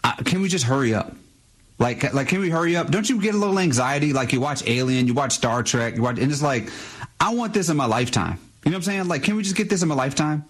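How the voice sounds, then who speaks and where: Rambling male co-host with a breathy voice. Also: fairly high pitch, animated. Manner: rambling, restless, halting. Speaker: radio co-host. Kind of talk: casual radio chat.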